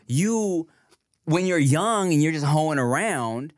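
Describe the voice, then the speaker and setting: A man's voice: a little high, lively intonation, takes it slowly, no echo, studio quality. A man co-hosting a podcast in casual chat, with laid-back slangy talk and frequent "you feel me" asides. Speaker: podcast co-host.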